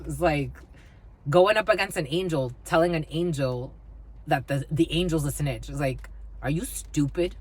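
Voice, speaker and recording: A woman's voice: low voice, animated, normal speed, a bit bright, breathy edge. A woman giving a blunt, profane tarot reading to her viewers, scolding and swearing freely. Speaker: tarot reader. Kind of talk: spiritual reading monologue.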